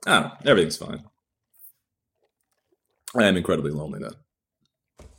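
Comedian man, very deep voice, swings up and down a lot, rambling, self-deprecating monologue. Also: big pitch swings, normal speed, gravelly, pushed and bright. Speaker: stand-up comedian. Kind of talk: candid solo video podcast monologue.

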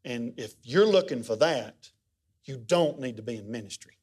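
His voice slightly rough and his pace normal, this middle-aged pastor preaches like a homespun storyteller. He keeps it conversational, and his pitch rises and falls with energy.

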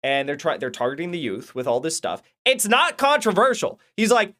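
Brief: male channel host, somewhat high-pitched, rambling and heated, profane, casual rant. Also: sing-song, moderate pace, few pauses, bright, forceful tone. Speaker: political commentary channel host. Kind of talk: casual ranting commentary.

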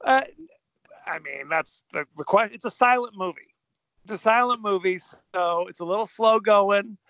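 A man's voice: high voice, normal speed, a bit bright, no echo. A man co-hosting a podcast in casual chat, joking and rambling with a self-deprecating manner. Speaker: podcast co-host.

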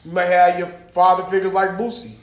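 A man co-hosting a podcast, talking casually with a lot of laughter and profanity, telling stories with animated put-on voices. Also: high-pitched, a little fast, echoey room. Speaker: podcast co-host. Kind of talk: casual chat.

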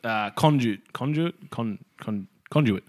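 A man's voice: medium pitch, expressive, unhurried, no echo, clean studio sound. An Australian man co-hosting a podcast, rambling and self-deprecating in casual chat, laughing often. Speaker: podcast co-host.

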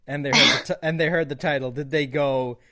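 A man hosting a casual podcast chat, laughing often and trailing off softly. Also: on the high side, fairly even intonation, brisk, no room sound, studio quality.

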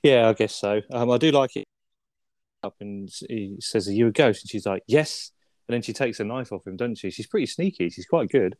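Man, podcast co-host, relaxed and sweary, low voice, dry sound. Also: a little fast, no room sound. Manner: laid-back, swears often, asks tag questions. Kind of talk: casual film review chat.

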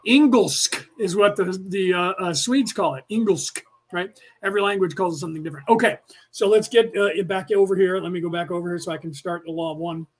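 An American man hosts a podcast class in a loose, rambling lecture. He is opinionated and full of fillers and restarts. His voice sits notably high for a man. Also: steady tone, fast talker, slight background noise. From United States. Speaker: podcast host and class teacher.

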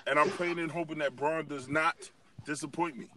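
A man's voice: on the high side, steady tone, a little fast, pushed and bright. A man co-hosting a casual wrestling podcast, ranting heatedly and swearing freely. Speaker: podcast co-host. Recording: distant mic with noise.

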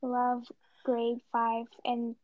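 Teen girl, podcast co-host, bubbly, laughing, high voice, dry sound. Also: completely flat delivery, drawn-out words, no room sound, narrow, tinny audio. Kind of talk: casual chat.

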